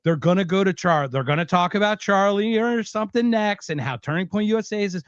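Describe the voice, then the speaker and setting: A man's voice: high voice, fairly quick, clear, resonant tone, dry recording, highs cut off. A man co-hosting a podcast, reacting to clips with heated, mocking, profane commentary. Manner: heated, mocking, swears constantly. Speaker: podcast co-host.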